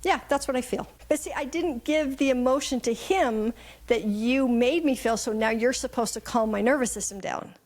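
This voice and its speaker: A woman's voice: on the high side, normal speed. A middle-aged woman telling stories in a casual conversation as a guest mentor, acting out the voices in her anecdotes.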